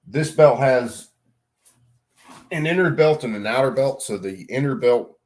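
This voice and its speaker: A man's voice: mid-range voice, expressive, measured pace, a little mellow. A middle-aged man telling a story in a casual vlog, rambling, swearing freely and laughing at himself. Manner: rambling, profane, self-mocking, laughs a lot. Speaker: vlogger.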